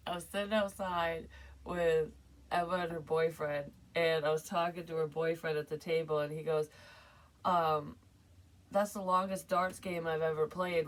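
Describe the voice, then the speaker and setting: Woman, psychic reading, casual rambling, swears a lot, low-ish voice, a bit far from the mic. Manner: rambling, profane, laughs often. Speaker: psychic medium doing card readings.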